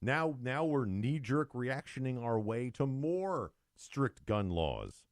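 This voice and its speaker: Animated, sarcastic male talk show co-host. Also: mid-range voice, slow, no echo, studio quality. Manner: animated, mocking, reads news aloud with sarcastic asides. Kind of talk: opinionated talk show chat.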